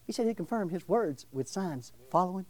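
A middle-aged man, preaching a testimony sermon in a loud, exclamatory way, often shouting. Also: sits high, lively intonation, brisk, dry recording. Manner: shouting, exclamatory, breaks into laughs.

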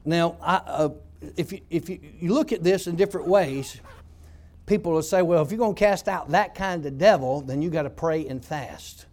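A male pastor preaching a sermon, telling stories and building up to loud shouts. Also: fairly high pitch, moderate pace.

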